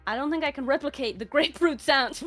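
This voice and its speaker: Woman, Irish accent, giggly, foul-mouthed, mock eulogy, voice call, soft music underneath. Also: sits high. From Ireland. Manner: giggly, swears a lot, breaks into laughter. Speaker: guest speaker. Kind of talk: mock eulogy, casual stream chat. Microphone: voice call from home.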